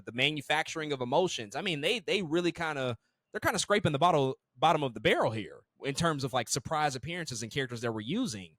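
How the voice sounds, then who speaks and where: A co-host of a casual movie review podcast talks animatedly in a mid-range voice, swearing freely and repeating words as he restarts sentences. There is no echo.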